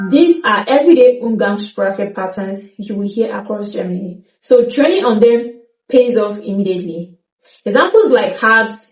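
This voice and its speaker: A woman's voice: mid-range voice, a little mellow. Woman teaching in a roomy, distant recording. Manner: slow, deliberate demonstration of example phrases. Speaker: language teacher. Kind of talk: scripted lesson narration.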